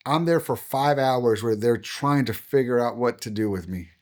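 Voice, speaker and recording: A man's voice: lowish voice, fairly quick, hardly any pauses, darkish tone. A middle-aged man, a pastor, telling a story on a podcast and acting out the dialogue he quotes. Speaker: pastor and guest.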